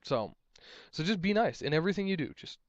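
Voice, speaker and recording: Young adult male, judge type, loose exasperated rambler; slightly high, smooth voice, dry close sound. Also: animated, a little fast, no room sound, dull audio. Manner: rambling, exasperated, repeats himself. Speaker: tournament judge. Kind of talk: casual advice vlog.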